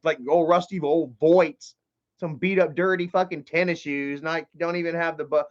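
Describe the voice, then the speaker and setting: Guy ranting on his livestream, kinda high voice, swears a lot, gets loud then quiet, muffled stream sound. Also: moderate pace. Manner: excitable, profane, swings from loud outbursts to mutters. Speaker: livestream host. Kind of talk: casual livestream commentary. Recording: dull lo-fi stream audio.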